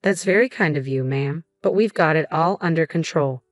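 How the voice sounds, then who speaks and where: A woman voicing a calm hospital nurse who speaks in a gentle, reassuring way. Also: sits low, moderate pace, no room sound, clean studio sound, natural voice. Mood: soothing.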